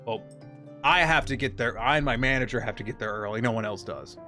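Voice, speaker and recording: A young adult man streaming from a home setup, chatting casually and telling stories with lots of swearing and sudden excited bursts, with faint music behind him. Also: mid-range voice, fairly quick. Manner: profane, animated storytelling with bursts of excitement. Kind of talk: casual gaming stream chat.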